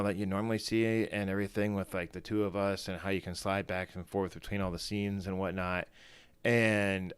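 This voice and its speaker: A man's voice: fairly low pitch, clear, resonant tone, dry recording. A man hosting a casual solo livestream in his morning voice, rambling and self-deprecating with lots of fillers and restarts. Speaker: fantasy football streamer.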